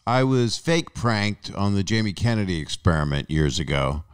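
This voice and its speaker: A man hosting a casual chat, breaking in with quick questions and wry asides. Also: low-pitched, big pitch swings, smooth. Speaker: podcast host.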